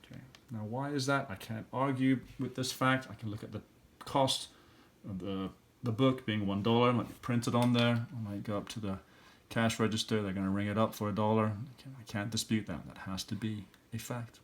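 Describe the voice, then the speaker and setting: A man's voice: on the low side, fairly even intonation, moderate pace, a little hiss or hum. A middle-aged man, an elementary school teacher, walking students through a recorded review lesson and thinking aloud step by step.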